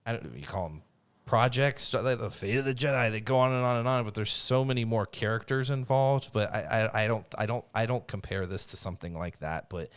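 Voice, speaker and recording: Man, podcast co-host, low voice, rambling, enthusiastic, casual chat. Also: brisk, clear, resonant tone.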